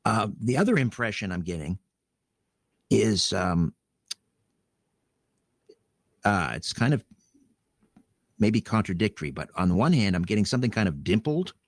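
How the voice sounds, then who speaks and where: A man hosting a call-in radio show, talking in a measured way with frequent ums. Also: on the low side, sing-song, no room sound, clean studio sound. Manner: measured, hesitant with ums, drawn-out words. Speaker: radio host. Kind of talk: late-night call-in radio.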